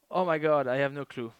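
A man with a French accent, a native French speaker, chatting as a guest journalist and getting excitable and flustered. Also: on the high side, smooth, no room sound, lo-fi sound. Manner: excitable, stumbling for words. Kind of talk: casual chat.

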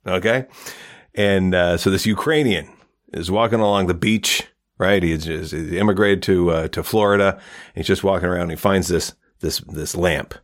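A man's voice: low voice, normal speed. A man hosting a podcast, telling jokes in a casual, rambling way with frequent restarts. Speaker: podcast host.

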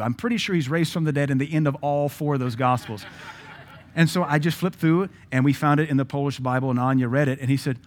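A man's voice: medium pitch, fast. A middle-aged man, preaching a sermon as pastor, telling stories with acted-out quotes and blunt asides.

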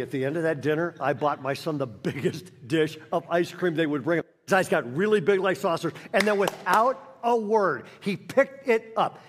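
Animated preacher in an echoing church hall. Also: male voice, high-pitched, slight background noise. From Northern California. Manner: animated storyteller acting out voices. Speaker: guest pastor. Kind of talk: sermon with storytelling. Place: large church auditorium.

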